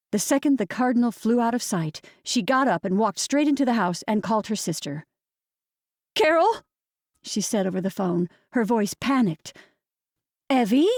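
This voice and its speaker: A woman narrating a novel as an audiobook reader, in a gentle, measured storytelling manner. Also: medium pitch, dry recording, clean studio sound. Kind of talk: scripted narration.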